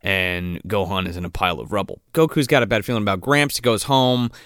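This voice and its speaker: A man recapping a film in casual, profane podcast chat, acting out the characters in quick put-on voices. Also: fairly low pitch, fairly even intonation, a bit bright, no room sound, clean studio sound. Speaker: podcast co-host.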